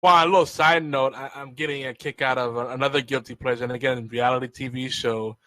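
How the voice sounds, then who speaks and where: A man's voice: medium pitch, steady tone, quick pace, sharp tone, dry recording. A man co-hosting a podcast, giving wry, amused commentary in casual chat. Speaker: podcast co-host.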